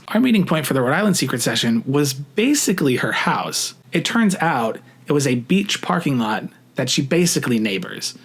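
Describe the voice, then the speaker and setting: A young adult man casually telling a story to camera, chatty and profane, full of "like" fillers, rushing some phrases and drawing out others. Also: medium pitch, a bit bright, husky. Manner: shifts between rushed and drawn-out phrasing. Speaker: vlogger.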